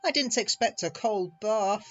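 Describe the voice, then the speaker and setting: A man's voice: animated, unhurried, highs cut off, faint music behind. A man doing a plaintive little engine. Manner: high, plaintive. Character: put-upon, good-natured male small engine.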